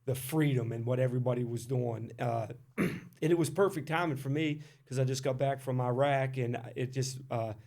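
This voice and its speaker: A man's voice: mid-range voice, normal speed, darkish tone. A man from West Virginia sits in as a podcast guest and tells long, rambling stories. His voice sits in an ordinary middle register, and his delivery is loose and chatty. He often stops mid-line on fillers before pushing on. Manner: loose and talkative, with frequent fillers and profanity. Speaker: podcast guest, Marine veteran. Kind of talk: casual storytelling.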